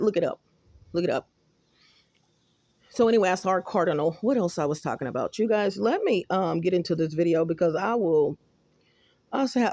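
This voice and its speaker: A woman with a Texan accent rambling excitedly to her viewers in a casual phone vlog, often calling them y'all. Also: lowish voice, creaky, no room sound. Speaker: vlogger. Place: apartment and stairwell, indoors. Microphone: phone camera held close.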